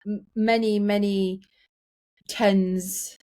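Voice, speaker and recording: A woman co-hosting a casual coaching podcast, playful and quick to laugh. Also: mid-range voice, little pitch movement, darkish tone. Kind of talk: casual chat.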